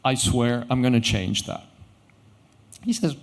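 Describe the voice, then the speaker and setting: A middle-aged man, a company founder, telling a story on stage with animated quoted dialogue. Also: mid-range voice, a little slow, creaky. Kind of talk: conference storytelling talk. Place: event stage.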